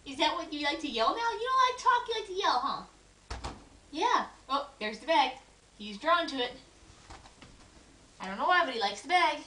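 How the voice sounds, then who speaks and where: A woman's voice: high-pitched, very animated, moderate pace, long pauses, bright, forceful tone, recorded from a distance, a little hiss or hum. A woman filming her baby at home and talking to him in a playful, coaxing sing-song voice. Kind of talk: home video baby talk. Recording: echoey home video room.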